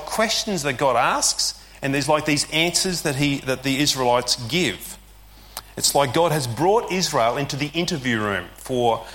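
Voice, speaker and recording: A man preaching a sermon in an easygoing, conversational way, explaining as he goes with the odd filler. His voice sits a little on the higher side for a man. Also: a bit bright. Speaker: pastor.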